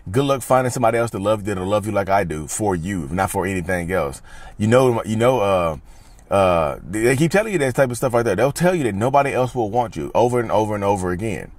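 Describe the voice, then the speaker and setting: A man's voice: lowish voice, dry recording. Emphatic man vlogging from a car. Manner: emphatic, repetitive, talks straight to viewers. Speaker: channel host. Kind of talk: casual vlog talk. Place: inside a parked car. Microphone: phone camera.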